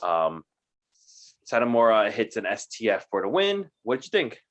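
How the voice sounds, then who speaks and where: A man's voice: lowish voice, sing-song, normal speed, a bit bright. A man co-hosting a casual podcast, giving dry, wry commentary. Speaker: podcast co-host. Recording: dull lo-fi mic.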